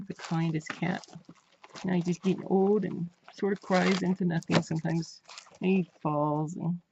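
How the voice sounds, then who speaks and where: A woman's voice: sits low, creaky, background noise. A woman vlogger chatting casually while unboxing crafts, gushing and repeating her praise. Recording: dull lo-fi home recording.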